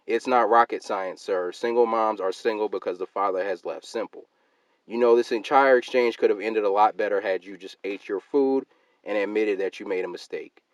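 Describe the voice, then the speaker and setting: Man, low voice, dry close sound, emphatic rant, reads out comments. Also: no echo. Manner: emphatic, rising loud when quoting his own replies. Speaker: channel host. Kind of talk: ranting commentary reading out comments.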